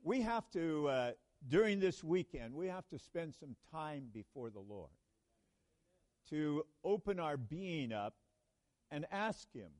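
A man with a fairly high voice preaches a sermon at a measured, unhurried pace. He speaks earnestly and halts to restart phrases. At times he builds to emphatic, ringing proclamations. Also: big pitch swings, darkish tone. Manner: slow, earnest, with halting restarts and sudden emphatic rises. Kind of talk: sermon at a church conference.

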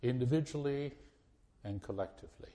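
A man's voice: medium pitch, a little fast, dark tone. A man preaching a sermon to a congregation, earnest and pleading, often restarting his phrases before pressing a point hard. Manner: earnest, repetitive restarts, rising to emphatic pleas.

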